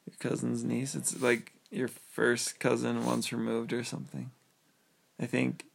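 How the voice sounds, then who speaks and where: A man's voice: medium pitch, level tone, measured pace, vocal fry. A young man in a casual chat, easygoing, laughing along and explaining things.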